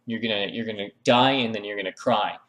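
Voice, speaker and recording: A man's voice: on the low side, fast, fairly bright tone, natural voice, poor audio. A man voicing a cocky male video game antihero who swaggers and swears out threats, close to his own everyday voice. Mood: threatening.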